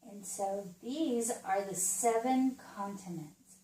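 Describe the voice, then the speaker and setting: A woman's voice: mid-range voice, dark tone, far from the mic. A woman who teaches in the Montessori way, demonstrating a geography lesson for young children with patient, childlike prompts. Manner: slow, patient, speaks as if to a small child. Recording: roomy, from away from the mic.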